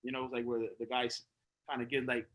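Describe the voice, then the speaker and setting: At a memorial gathering, a man tells loose, slangy stories packed with fillers, laughing often and acting out the dialogue. His voice is medium-pitched and quick, and the recording is rough.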